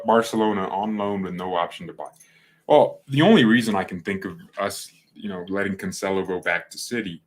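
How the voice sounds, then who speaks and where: A man hosting a fan channel in casual livestream chat, rambling, correcting himself and joking. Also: fairly low pitch. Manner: rambling, self-correcting, jokey.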